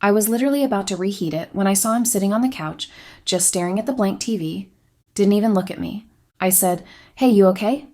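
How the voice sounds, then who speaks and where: A woman reads a first-person confession from a script. Her voice sits at a middle pitch for a woman. Her delivery stays quiet, subdued and steady. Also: fast. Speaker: story narrator.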